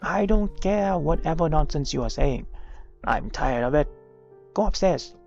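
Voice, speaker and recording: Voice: medium pitch, expressive, unhurried, vocal fry, a little mellow, muffled recording, faint music behind. A streamer doing a stern, scolding dad. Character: stern, irritable father scolding his daughter.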